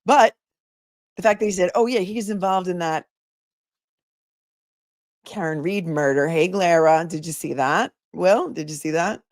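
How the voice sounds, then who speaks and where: A woman attorney hosting a casual livestream, telling stories in a chatty, animated way and talking to her chat. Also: lowish voice, unhurried, long pauses, no echo, studio quality. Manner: chatty, animated storytelling, reads chat aloud.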